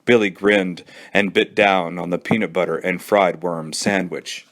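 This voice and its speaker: A man who is a children's librarian, reading a storybook aloud with an expressive storytelling manner. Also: deep voice, unhurried.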